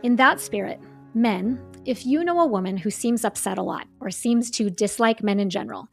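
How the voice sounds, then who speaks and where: Earnest woman over soft music. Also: a little high, creaky. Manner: calm, earnest, measured. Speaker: podcast host. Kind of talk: scripted monologue.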